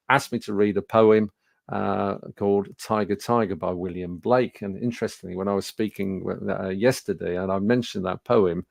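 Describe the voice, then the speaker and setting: Gravelly older English man telling stories. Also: lowish voice, dry recording. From England. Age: 60s. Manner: conversational, animated anecdotes with fillers. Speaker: webinar presenter. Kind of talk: storytelling presentation.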